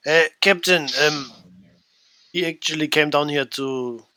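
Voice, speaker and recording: A man player speaking in character with a halting, hesitant delivery. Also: fairly high pitch, pushed and bright, a little hiss or hum. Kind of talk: in-character tabletop dialogue.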